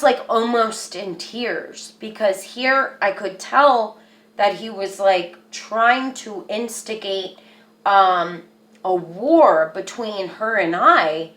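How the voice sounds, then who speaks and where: A woman's voice: mid-range voice, a bit bright. A woman telling a personal story to camera in a rambling, earnest way, with lots of "like.". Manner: rambling, earnest, says "like" a lot. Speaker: vlogger. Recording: echoey room.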